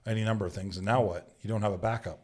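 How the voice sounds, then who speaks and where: A man's voice: on the low side, rapid-fire. A man from Canada, a bushman guest on a podcast, telling stories in a casual studio chat, acting out quoted lines and often asking "right?". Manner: animated storyteller who acts out quotes, says "right?" often. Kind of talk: casual storytelling.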